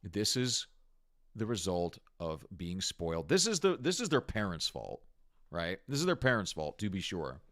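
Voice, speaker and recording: A man's voice: sits low, huge pitch swings, moderate pace, a bit bright. A man hosting a ranting commentary on video clips, exasperated and mocking, with frequent swearing. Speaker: commentary host.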